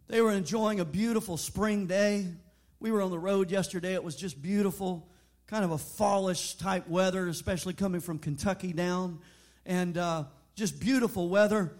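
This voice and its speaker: A preacher delivering an emphatic sermon in a church, telling stories and building to bold declarations. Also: male voice, high-pitched. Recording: sermon over background music.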